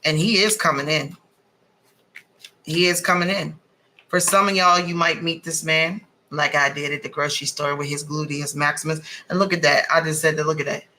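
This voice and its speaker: A woman giving a casual tarot card reading, blunt and animated, swearing freely as she talks. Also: sits low, normal speed, slight background noise, poor audio. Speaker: tarot reader.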